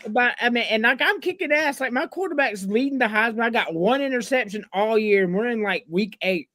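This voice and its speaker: A woman on a casual podcast, laughing through her stories and swearing freely. Her voice runs a little high. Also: animated, brisk, a bit bright, dry recording. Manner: giggly, profane storyteller. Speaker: podcast co-host. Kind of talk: casual chat.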